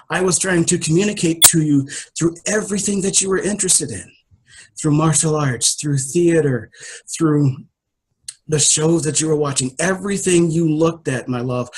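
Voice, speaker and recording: A man voicing a gentle, fatherly divine spirit that speaks softly and tenderly, reassuring the listener. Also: a little high, breathy edge, rough recording.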